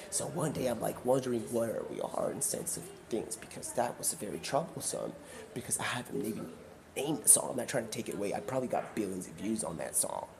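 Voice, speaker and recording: A man's voice: fairly low pitch, big pitch swings, fast, creaky, a crowd in the background. A man hosting a live stream, rambling through a long story and acting out the characters he quotes. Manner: rambling, acts out quoted characters in shifting voices. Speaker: livestream host.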